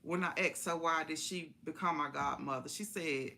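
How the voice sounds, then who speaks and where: A woman's voice: sits low, moderate pace, vocal fry, pushed and bright. A woman telling a personal story in a casual, folksy way on a live stream, repeating phrases for emphasis.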